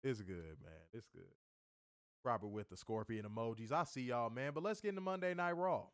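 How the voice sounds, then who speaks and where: A man co-hosts a casual wrestling review podcast, joking loosely, reading chat comments and summarizing the episode. His voice is medium-pitched, clear and resonant, and fairly quick. The studio sound is clean with no echo.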